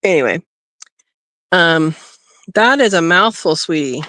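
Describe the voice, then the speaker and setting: Woman, unhurried homestead live-stream chat, coos at her rabbit, dry close sound. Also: fairly low pitch, lively intonation, a bit bright, dry recording. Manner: coos and talks to her rabbit, laughs often. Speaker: homesteading livestream host. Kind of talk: casual live-stream commentary. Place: outdoors by a rabbit hutch. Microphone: phone.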